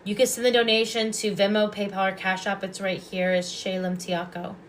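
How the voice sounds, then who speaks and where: A woman giving intuitive readings on a live stream. She talks calmly and softly and often repeats her phrases. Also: medium pitch, brisk, a little hiss or hum. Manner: calm, soft-spoken, repeats phrases. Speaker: psychic reader and past life regressionist.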